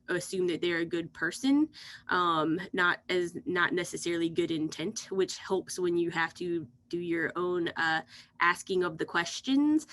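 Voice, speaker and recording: Woman physician, lower voice, casual upbeat workshop recap on a video call, light background hiss. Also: fairly bright tone. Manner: chatty and upbeat, frequent "uh" fillers. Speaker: physician presenting a group recap. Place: home or office over a video meeting.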